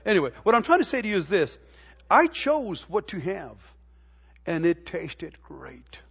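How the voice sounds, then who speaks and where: A man's voice: high voice, sing-song, unhurried, creaky, fairly bright tone, husky, dull audio. A middle-aged man preaching a sermon in a church, telling homey stories with stammered restarts and building to emphatic preaching. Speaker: pastor. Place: church sanctuary.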